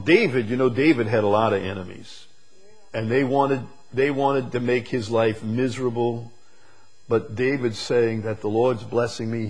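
A man preaching a sermon, moving from quiet, slow reflection to loud, emphatic declarations. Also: mid-range voice. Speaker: pastor.

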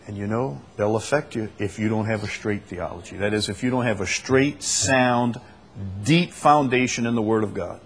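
A husky-voiced man preaches to a small church group, hammering his points with repetition. He fires off rhetorical questions, building up to each point. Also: medium pitch, normal speed. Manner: emphatic, repeats key phrases, asks rhetorical questions. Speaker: pastor leading a Bible study. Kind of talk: preaching Bible study.

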